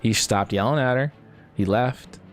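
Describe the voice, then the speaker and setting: A man's voice: mid-range voice, unhurried. A man streaming a video game, telling a long personal story in a rambling, casual way, swearing and laughing at himself. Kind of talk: casual storytelling while gaming. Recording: faint game music behind.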